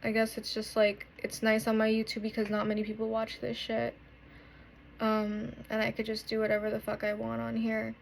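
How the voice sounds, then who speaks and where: A woman in her twenties speaks straight to her own small channel in a confessional vlog. Her voice sits a little high, and her talk is raw and profane, full of stops and restarts as she works through what she wants to say. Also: completely flat delivery, moderate pace, creaky, slight background noise. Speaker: vlogger.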